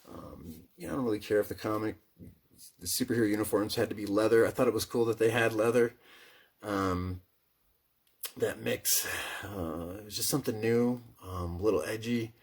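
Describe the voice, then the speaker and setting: A man's voice: on the low side, fairly even intonation, moderate pace, breathy edge. A man with a Midwestern accent, chatting casually and enthusiastically about his comic book collection, slangy and profane, rambling with restarts. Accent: Midwestern American. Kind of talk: casual chat.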